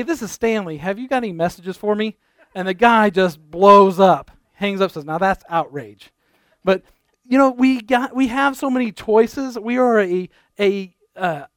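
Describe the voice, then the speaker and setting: A man's voice: sits high, no room sound. A male pastor giving a conversational sermon, telling stories with jokes and asides. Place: church.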